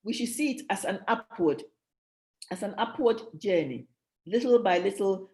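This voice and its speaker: A woman teaches a leadership session at a church in a mellow, warm voice. She speaks emphatically, hammers home key phrases by repeating them, and often restarts mid-sentence. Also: mid-range voice, lively intonation, normal speed. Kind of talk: motivational teaching talk.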